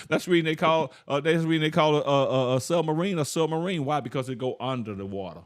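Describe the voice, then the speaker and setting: A man's voice: fairly high pitch, fast, no room sound, studio quality. A man leading an informal Bible study, folksy, repeating words and asking his listeners questions. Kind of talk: informal preaching.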